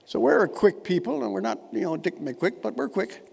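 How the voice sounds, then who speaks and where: A man in his 70s from Newfoundland, Canada, gives a humorous keynote speech in a large indoor conference hall, storytelling in a wordy, witty way with dry, elaborate phrasing. His high voice swings widely in pitch, brisk and creaky, with slight background noise. The hall is echoey with long reverb.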